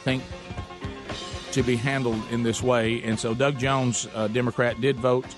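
A man hosting a call-in talk radio show, talking quickly with frequent fillers and restarts. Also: medium pitch, little pitch movement, music in the background. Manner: quick, halting, lots of fillers.

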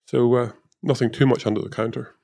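A man's voice: mid-range voice, steady tone, fairly quick, gravelly, a little mellow. A man, a former motor racing engineer, talking casually in an interview, rambling with many fillers and restarts. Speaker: former F1 technical director and race engineer.

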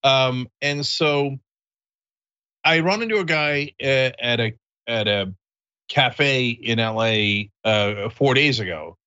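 A man hosting a loose podcast chat, telling anecdotes in a bright voice and laughing often as he slips into the voices of the people he met. His audio comes over a remote call and sounds a bit dull and lo-fi. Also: medium pitch, slow, clear, resonant tone. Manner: chatty, laughs often, acts out quoted voices. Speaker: host.

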